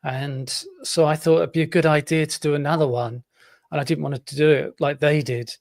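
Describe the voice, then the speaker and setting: A man's voice: fairly high pitch, steady tone, fairly quick, vocal fry, dry recording, studio quality. A man, an author and podcaster, giving plain, explanatory answers in an interview.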